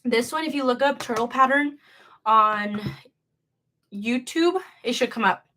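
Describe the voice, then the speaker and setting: A young woman chats on a casual livestream, crocheting as she goes. Her voice is bright and a little high, and she jumps between topics in a bubbly, self-mocking way. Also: measured pace. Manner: bubbly, rambling, self-deprecating.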